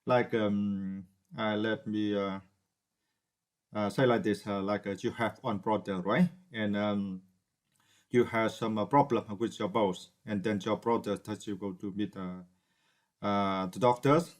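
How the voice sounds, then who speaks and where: A man's voice: fairly low pitch, steady tone, measured pace. A man whose first language is Vietnamese, teaching English vocabulary off the cuff, with many hesitations and repeated checks like "right?". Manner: hesitant, many fillers and restarts; asks "right?" to check understanding. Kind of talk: unscripted vocabulary lesson.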